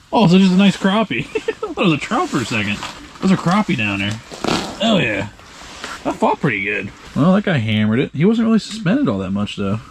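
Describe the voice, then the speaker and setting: A man vlogging while he ice fishes from a shelter, excitable and swearing casually, talking to his viewers. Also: mid-range voice, noisy background. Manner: excitable, swears, says dude a lot. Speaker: fishing vlogger. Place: ice fishing shelter on a frozen lake.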